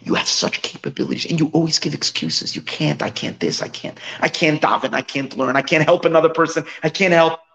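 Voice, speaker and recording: A man voicing a hushed, wise old master. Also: fairly high pitch, a little fast, gravelly, hardly any pauses, voice pushed up. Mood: rebuking. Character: wise old male master, gently rebuking.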